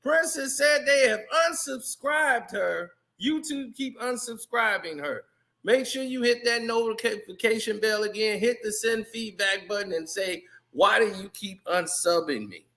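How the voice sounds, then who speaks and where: A man giving casual, animated sports commentary on his channel, laughing often. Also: very high-pitched, unhurried. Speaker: YouTube commentator.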